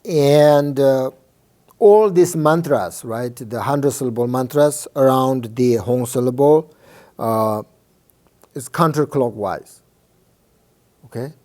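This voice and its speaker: A male Buddhist teacher gives an informal dharma talk in a slow, soft, mid-range voice. His speech halts often, full of fillers and restarts, and he keeps checking in with his listeners.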